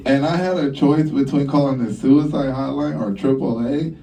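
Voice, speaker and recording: Brash profane young stand-up comic. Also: male voice, normal speed, creaky, mellow, recorded from a distance. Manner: brash and profane, acting out dialogue with big pitch jumps. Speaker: stand-up comedian. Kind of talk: stand-up routine. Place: comedy club stage.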